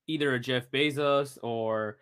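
A man's voice: medium pitch, steady tone, measured pace, a bit bright, smooth. A man in a casual podcast chat, chiming in loosely with fillers and chuckles.

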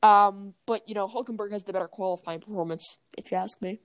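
A woman co-hosting a podcast in casual chat, chatty, often correcting herself, and quick to laugh. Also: mid-range voice, fairly even intonation, clear, resonant tone. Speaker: podcast co-host.

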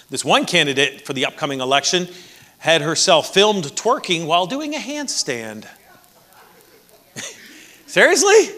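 A man's voice: a little high, sharp tone. A man with a Canadian accent preaching a sermon as pastor, conversational with dry jokes.

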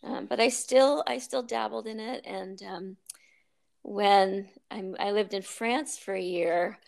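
A woman yoga teacher speaks with a slightly gravelly texture. She talks at a medium pitch in a loose, chatty way, laughing often as she tells stories. Her speech is full of restarts and fillers. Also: fairly even intonation, takes it slowly. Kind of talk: casual interview conversation.

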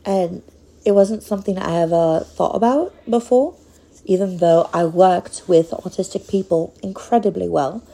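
A woman in her thirties with a Northern Minnesotan accent, hosting a casual solo podcast and talking slowly and hesitantly, with frequent pauses. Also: on the low side, gravelly, warm tone, rough recording. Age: 30s. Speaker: podcast host.

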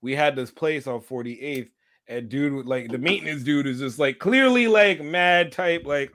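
A man from Montreal in casual chat, joking, laughing often and quick to react. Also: a little high, a bit bright. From Montreal, Canada.

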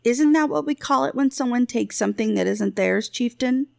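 A woman reading a fantasy audiobook, voicing a proud, scheming young mother with sharp, self-pitying outbursts, pitched well above her narrating voice. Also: normal speed, vocal fry. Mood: indignant.

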